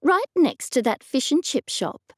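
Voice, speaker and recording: A woman's voice: high voice, sing-song, unhurried, no room sound, clean studio sound, voice pushed up. A woman putting on Aunt Agnes, a bossy aunt. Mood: commanding. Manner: curt and commanding. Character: brisk, bossy older aunt, easily exasperated.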